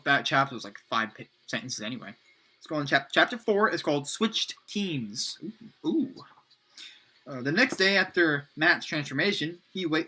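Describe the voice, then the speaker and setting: Brief: young man, casual read-aloud, self-mocking, stumbling, bright tone. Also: fairly high pitch. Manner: halting, self-mocking, many restarts. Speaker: reader of his own book.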